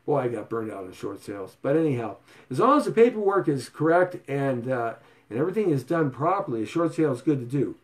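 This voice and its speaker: Animated, showy male real estate host. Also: mid-range voice, quick pace. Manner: showy and playful, sing-song repetitions and stutter gags. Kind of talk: casual sales pitch to viewers.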